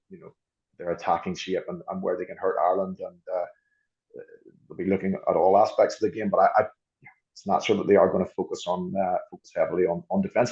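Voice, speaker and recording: Muffled low-voiced rugby coach. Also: male voice, a little mellow. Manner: thoughtful, often restarts and repeats words. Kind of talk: podcast discussion.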